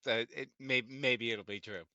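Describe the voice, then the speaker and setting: A man's voice: mid-range voice, steady tone, normal speed, pushed and bright, no echo, lo-fi sound. A man playing a tabletop role-playing game, sarcastic and dismissive in character. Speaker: player.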